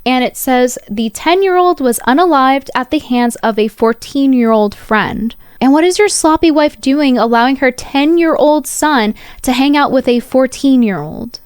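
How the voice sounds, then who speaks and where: A woman's voice: high voice, moderate pace, hardly any pauses, clear, resonant tone, no room sound, clean studio sound. A woman delivering a scripted commentary video in an accusatory, pointed way. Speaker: commentary youtuber.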